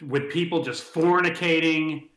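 A man's voice: on the high side, steady tone, unhurried, fairly bright tone. A man co-hosting a casual podcast, wry and joking. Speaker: podcast co-host. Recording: echoey room with faint noise.

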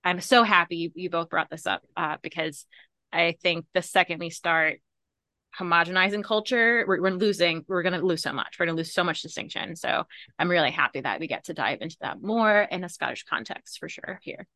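Bright, low-pitched woman, dry sound. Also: a little fast, no room sound. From Rhode Island, US. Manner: animated, talks with lots of fillers. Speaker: podcast co-host. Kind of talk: casual podcast chat.

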